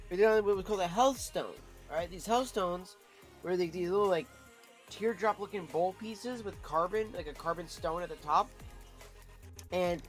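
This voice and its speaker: Guy with a pretty high voice swearing his way thru a story for his stream chat, faint music going behind. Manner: rambling, profane, animated. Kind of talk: casual storytelling to live chat.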